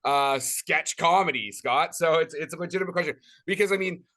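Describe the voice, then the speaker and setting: A man's voice: fairly high pitch, pushed and bright. Rambling, laughing podcast host, a man. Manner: rambling, many restarts, quick to laugh. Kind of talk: casual movie chat.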